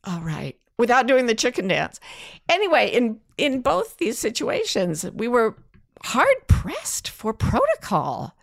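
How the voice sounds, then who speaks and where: A woman's voice: on the high side, unhurried, gravelly, no echo, studio quality. A woman co-hosting a podcast, telling anecdotes in casual chat and acting out the quotes. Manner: animated storyteller, acts out quotes. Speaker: podcast co-host.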